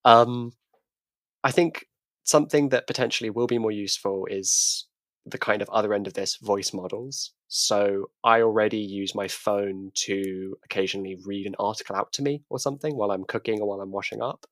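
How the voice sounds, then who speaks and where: A man's voice: on the low side, normal speed, a bit bright, no echo. A man co-hosting a tech podcast, talking thoughtfully and often restarting his words. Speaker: podcast co-host. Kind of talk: casual tech discussion.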